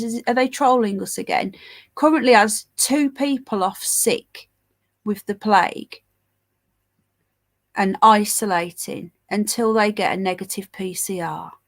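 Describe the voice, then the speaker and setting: Brief: woman, fairly high voice, blocked-up nose from a cold, sarcastic livestream host chatting to viewers. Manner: sarcastic, scornful commentary, chatty asides to viewers. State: congested with a head cold. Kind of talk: casual livestream chat, reading headlines and live chat.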